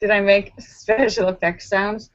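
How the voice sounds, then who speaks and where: A woman hosting a casual live stream from home, telling stories in a rambling way with lots of fillers and restarts, and acting out her own frantic self-talk in sudden high squeals. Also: little pitch movement, unhurried, no room sound. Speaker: livestream host. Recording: dull lo-fi sound.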